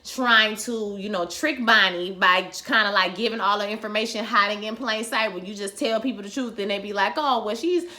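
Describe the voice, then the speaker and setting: Sassy, bright-voiced woman recapping a show. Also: medium pitch, normal speed, hardly any pauses. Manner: sassy, animated, acts out characters' lines. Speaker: TV episode recap vlogger. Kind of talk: casual recap chat.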